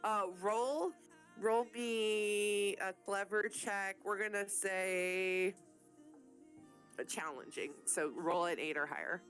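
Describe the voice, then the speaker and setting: A woman's voice: mid-range voice, slow pace, fairly bright tone. Woman gm running a tabletop game, swears a lot, laughs a bunch, faint music behind. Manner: casual, profane, laughing often. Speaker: game master.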